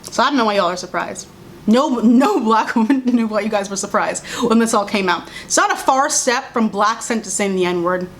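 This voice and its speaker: A woman's voice: mid-range voice, moderate pace, slight background noise. A young woman giving a sarcastic, exasperated casual commentary rant as a video creator, talking to the camera at home. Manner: exasperated, sarcastic, animated, with mocking voices and laughs.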